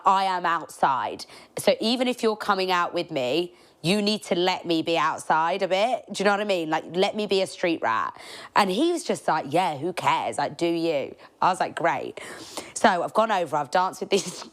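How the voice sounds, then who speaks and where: Podcast host, young woman, wildly expressive pitch, lower voice, laughing storyteller. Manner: animated, laughs often, swears freely. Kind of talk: casual storytelling. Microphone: clip-on mic.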